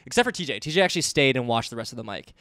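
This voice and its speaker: A man's voice: mid-range voice, rapid-fire, no room sound. Rambling man telling a podcast story. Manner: rambling, animated, acts out others' voices, many fillers. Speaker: podcast co-host. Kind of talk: casual storytelling chat.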